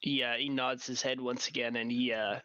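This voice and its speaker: A man's voice: medium pitch, level tone, moderate pace, pushed and bright, no echo, muffled recording. A man with a sore throat narrating a tabletop game as dungeon master, talking casually with many fillers. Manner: casual, many fillers and restarts while describing scenes. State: getting over a cold, sore throat.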